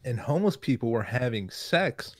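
A man's voice: medium pitch, sing-song, normal speed, no room sound. A man who is a guest on a podcast, telling a story in a laid-back, rambling way. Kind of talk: casual podcast chat.

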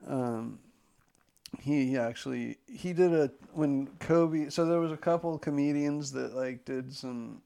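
Casual male co-host, gravelly voice, rambling and profane, loose chatty delivery. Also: mid-range voice, takes it slowly, mellow. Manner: rambling, heavy filler words and profanity. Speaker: podcast co-host. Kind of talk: casual chat.

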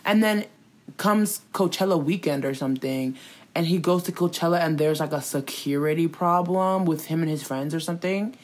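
A woman telling gossip in casual chat, animated and slangy, swearing and acting out quotes. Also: low-pitched, moderate pace.

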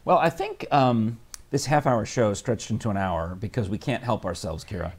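A man's voice: lowish voice, moderate pace, darkish tone, breathy edge. A middle-aged man hosting a casual chat show, talking in a playful, teasing way. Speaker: host.

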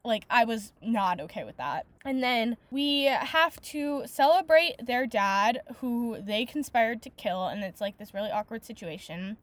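Her voice is fairly high and expressive, moving a little slowly but with few pauses, and there's no room sound. She hosts a book podcast and delivers a casual review as an exasperated rant, full of swearing and "like" fillers.

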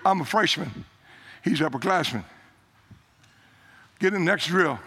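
An older man preaches a sermon as a story. His voice sits high and bright, climbing on emphatic lines and dropping low and soft when he quotes others. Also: lively intonation, measured pace, slight background noise.

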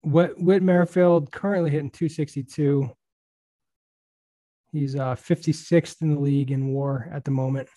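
A man hosting a casual baseball podcast, chatting in a relaxed way with lots of fillers. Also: on the high side, moderate pace, no echo. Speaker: podcast host.

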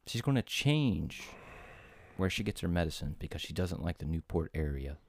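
A man's voice: deep voice, normal speed, dry recording. A man co-hosting a casual podcast, telling stories animatedly with swearing and mocking asides. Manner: animated storyteller, swears, rises into mocking quotes. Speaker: podcast co-host.

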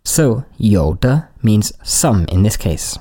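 A man's voice: fairly low pitch, sing-song, slow pace, mellow, breathy edge. A man from the United Kingdom co-hosting a podcast language lesson, breaking words down and explaining them. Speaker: podcast co-host.

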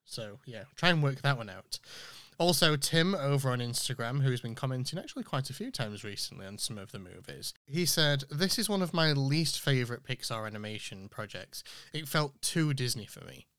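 Chatty English podcast host, smooth voice. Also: male voice, medium pitch, animated, moderate pace, fairly bright tone, dry recording, clean studio sound. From England. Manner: chatty, enthusiastic, self-correcting asides. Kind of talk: casual podcast commentary.

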